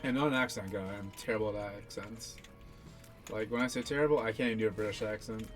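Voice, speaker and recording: A man's voice: on the low side, steady tone, fast talker, a bit bright, faint music behind. Rambling young man commenting on his gameplay. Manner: rambling, self-deprecating, swears casually. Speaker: gaming channel host.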